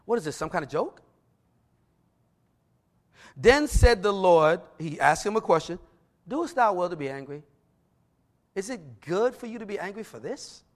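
High-voiced preacher with lively delivery. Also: male voice. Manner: reads scripture slowly, then tells stories in a lively way. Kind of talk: sermon.

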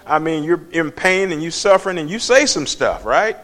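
A man's voice: a little high, expressive, normal speed, a bit bright. A man giving an informal, conversational Bible lesson and asking his listeners questions as he goes. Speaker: Bible teacher.

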